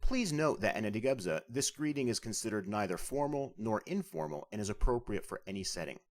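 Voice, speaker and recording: A man's voice: fairly low pitch, lively intonation, a little fast. Patient man narrating a language lesson. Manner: clear, patient, explanatory. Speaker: language instructor.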